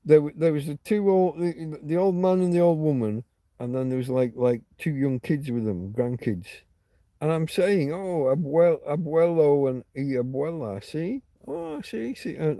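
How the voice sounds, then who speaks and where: A man's voice: on the high side, dark tone, no echo. A man hosting a casual livestream, rambling through stories and answering viewer comments. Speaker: livestream host.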